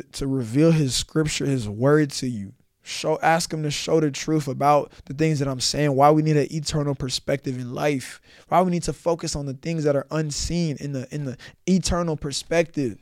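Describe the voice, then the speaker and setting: A young man delivers an earnest, repetitive sermon-style talk, often closing phrases with "man". His voice sits a little high, and the recording is dry and close. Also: no echo. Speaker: Christian podcast host. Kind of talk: earnest preaching and prayer.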